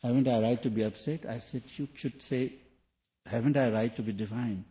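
Man, sermon, earnest questioning, mellow, dull lo-fi recording. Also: medium pitch, steady tone, moderate pace. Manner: questioning, earnest, with shifts between soft and loud. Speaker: spiritual teacher.

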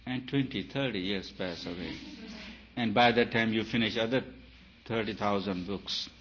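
A man with a lowish voice delivers a spiritual talk, pressing his points through repetition. His loudness swells and drops as he emphasizes. The recording is dull and lo-fi, with a faint hiss behind him. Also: normal speed. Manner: emphatic, repeats phrases, rises and falls in loudness. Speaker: spiritual teacher.

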